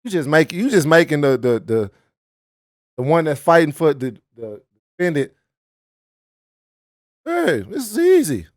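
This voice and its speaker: Animated, high-voiced man heckling a video. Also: normal speed, no echo, clean studio sound. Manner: profane, heckling, mock-lecturing; dialect-heavy casual slang. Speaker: reaction video host. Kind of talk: casual reaction commentary.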